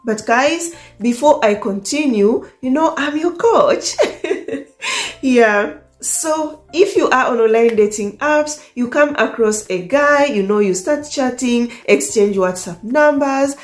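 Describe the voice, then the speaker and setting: A woman with an East African accent, a dating coach telling a love story to her viewers in a casual, animated way, laughing often. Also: high-pitched, slow, soft background music. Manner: animated, laughs often, acts out quoted lines. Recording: echoey room.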